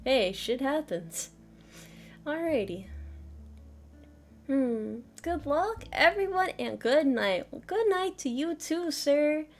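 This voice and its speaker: A woman's voice: sits high, sing-song, slow pace, soft background music. A woman streaming a casual math lesson, joking at her own expense, laughing often and swearing casually.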